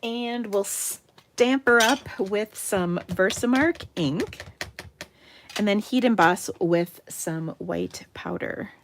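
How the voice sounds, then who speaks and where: A middle-aged woman from Minnesota hosting a live card-making demo, chatty and enthusiastic, dropping into soft muttered asides as she works. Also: medium pitch, slow, a little hiss or hum. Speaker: craft livestream host.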